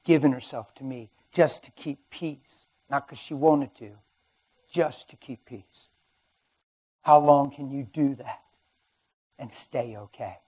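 A middle-aged man preaching, his voice husky and slightly breathy at a middling pitch. He tells his testimony dramatically, dropping to near-murmurs and then rising loud for emphasis. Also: slow, long pauses. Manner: dramatic storytelling, swings from quiet to loud. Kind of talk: sermon testimony.

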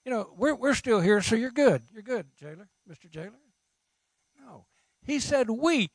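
A middle-aged man preaching a sermon, animated and humorous, asking his listeners questions. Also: extremely high pitch, moderate pace, dry recording. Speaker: pastor.

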